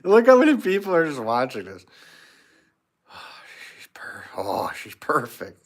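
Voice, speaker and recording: A man's voice: fairly high pitch, wildly swooping pitch, moderate pace. Chuckling American man chatting on a livestream. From United States. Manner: jokey, chuckles often. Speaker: potter hosting a livestream. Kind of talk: casual livestream chat, reading out viewer comments.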